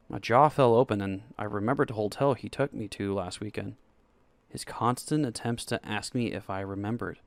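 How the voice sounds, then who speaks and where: A young man narrating a first-person romance story in a soft, intimate way. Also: on the low side, normal speed, vocal fry, no room sound. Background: faint background music.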